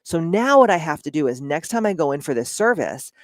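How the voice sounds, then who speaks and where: A woman's voice: sits low, sing-song, a little fast, dry recording. A woman speaking in a casual, blunt monologue, with frequent swearing and lots of "like".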